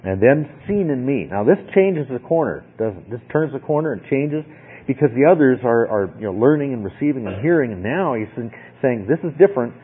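A man's voice: mid-range voice, expressive, brisk, breathy edge. A man teaching a Bible lesson in a conversational way, often checking in with "okay?". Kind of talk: sermon. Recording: tinny phone-like sound.

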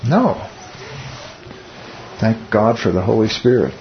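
A man's voice: on the low side, sing-song, takes it slowly. A man leading a Bible study in a conversational teaching style. He asks the group rhetorical questions and makes wry, teasing asides. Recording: muffled lo-fi recording with faint hiss.

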